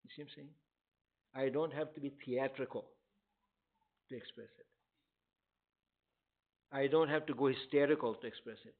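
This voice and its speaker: A man's voice: medium pitch, steady tone, normal speed, long pauses. An older man, a therapist, answering questions from a community audience in a direct, emphatic way. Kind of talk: community Q&A talk. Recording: tinny phone-like sound.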